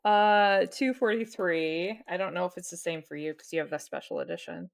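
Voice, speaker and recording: A woman's voice: lowish voice, moderate pace, gravelly. A woman co-hosting a book club podcast, chatting casually and reading aloud playfully, laughing easily. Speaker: podcast co-host.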